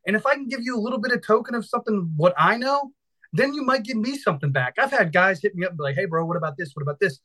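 A talkative man in his thirties from Virginia tells his story with loose, rambling energy and casual swearing. His voice sits high and sounds bright and forward. He talks like a firefighter instructor chatting on a podcast. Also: animated, quick pace, low-quality recording.

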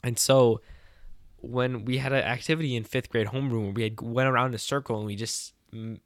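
A young man co-hosting a casual podcast, telling stories with lots of laughter and acted-out bits. His voice is mid-pitched and moves around a lot. It is recorded close and dry. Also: brisk, no echo. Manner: animated storyteller, laughs often, acts out voices. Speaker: podcast co-host. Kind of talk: casual chat.

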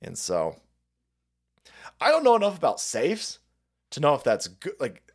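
A middle-aged man hosting a profane political livestream, loud and rambling, reading out viewer messages with frequent laughter. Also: fairly high pitch, huge pitch swings, measured pace, husky. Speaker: livestream host.

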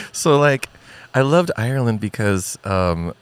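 Brief: playful male guest, very low voice, lively pitch, casual chat. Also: slow pace, clear, resonant tone. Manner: playful storyteller, slips into voices and accents. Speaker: podcast guest.

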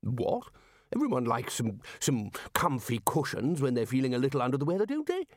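A man's voice: mid-range voice, wildly swooping pitch, brisk, no echo, studio quality. A man voicing a blunt, hearty male head wizard with a bluff manner.

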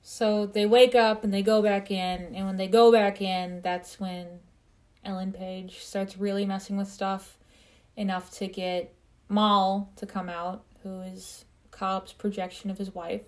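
A woman's voice: medium pitch, level tone, measured pace. A woman with a Midwestern accent co-hosting a movie review podcast, chatty and joking as she recaps the plot. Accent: Midwestern American. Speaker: podcast co-host. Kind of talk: casual movie review chat.

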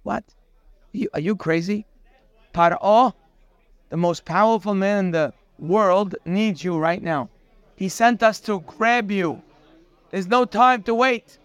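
A man's voice: sits high, takes it slowly, pauses often, clean tone, no echo, highs cut off. A man acting out frantic male messengers who urge a prisoner to hurry, in a pleading, urgent way.

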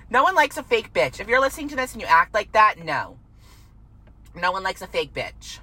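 A woman's voice: mid-range voice, very animated, brisk, bright, forceful tone, low-quality recording. A woman in her twenties delivering a heated, profane rant to camera, repeating herself and swearing freely. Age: 20s. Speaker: vlogger.

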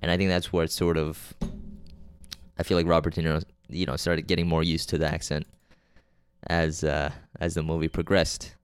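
A low-voiced man talks loosely through a movie plot on his podcast, stopping and restarting, swearing freely and forgetting names as he goes. His voice is smooth and clean, and the recording is dry and close with no room sound. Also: little pitch movement, normal speed, no room sound. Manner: rambling and loose, with many fillers, restarts and frequent swearing; offhand and unpolished, losing names mid-sentence. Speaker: podcast host reviewing movies. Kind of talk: casual solo movie recap.

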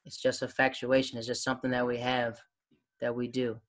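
A man hosting a casual conversation, telling animated stories. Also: medium pitch. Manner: fast, animated storyteller. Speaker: host.

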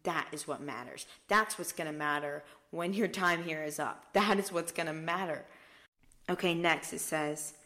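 A young woman hosting a faith podcast, teaching scripture in an earnest, emphatic way and dropping to a soft hush for key points. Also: deep voice, moderate pace. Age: young adult. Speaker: podcast host.

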